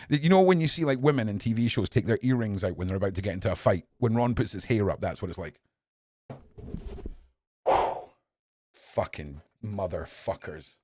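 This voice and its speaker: Man, 40s, podcast host, angry profane rant, mutters then shouts, mid pitch, dry close mic. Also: no echo. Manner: heated and profane, swings between muttering and shouting. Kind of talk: angry opinion monologue.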